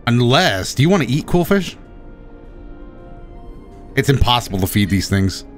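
A man streaming a game, commentating with excitement, often gasping and shouting at the creatures on screen. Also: medium pitch, normal speed, faint music behind. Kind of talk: excited let's-play commentary.

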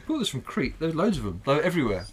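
A man's voice: fairly high pitch, slight background noise. A man co-hosting a comedy podcast over drinks, rambling and swearing a lot as he laughs at his own jokes. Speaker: podcast co-host. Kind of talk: casual, crude comedic chat over drinks.

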